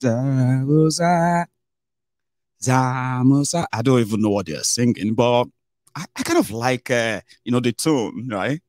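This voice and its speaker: A man giving casual, animated political commentary on his own channel, slipping into pidgin asides. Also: mid-range voice, moderate pace, no echo, studio quality.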